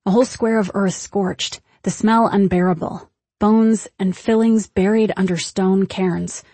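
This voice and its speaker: A woman narrating a first-person audiobook in a measured, tense storytelling manner. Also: medium pitch, steady tone, warm tone, breathy edge, dry recording.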